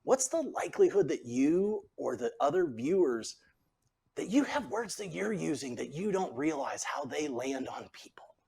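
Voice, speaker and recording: A man's voice: a little high, moderate pace, gravelly, husky. A man in his forties, a podcast guest and author, explaining how leaders speak, acting out example phrasings. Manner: animated, acts out example phrasings. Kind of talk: conversational coaching talk.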